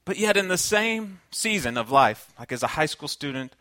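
A Southern man preaches in an earnest, conversational manner, with a bright, forceful tone. His voice sounds close and dry, with no room echo. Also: a little high, very animated, moderate pace. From Kentucky, United States. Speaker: pastor. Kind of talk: sermon.

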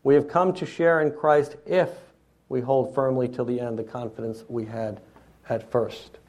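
A man's voice: mid-range voice, steady tone, moderate pace, a little mellow. A man preaching an expository sermon in a teacherly way, often checking in with his listeners.

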